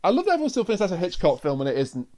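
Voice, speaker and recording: A man co-hosting a casual review podcast, wry and quick to laugh as he recaps scenes. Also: sits high, wildly swooping pitch, a little mellow. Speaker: podcast co-host.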